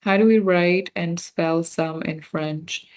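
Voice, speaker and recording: A woman's voice: fairly low pitch, slow pace, darkish tone. A woman running a casual online beginner class, chatting with students, answering their chat messages and correcting herself as she goes. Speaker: volunteer French workshop teacher.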